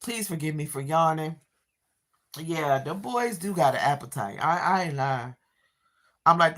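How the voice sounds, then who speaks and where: A middle-aged woman with hosts a relaxed livestream, answering her viewers' comments one by one. Her voice sits on the low side and she takes her time with every phrase. She sounds a little tired and congested, and she drops in drawn-out exclamations as she chats. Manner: drawling Southern-style exclamations like "child" and "Lordy days". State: tired, stuffy sinuses. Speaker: livestream host. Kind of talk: casual live chat.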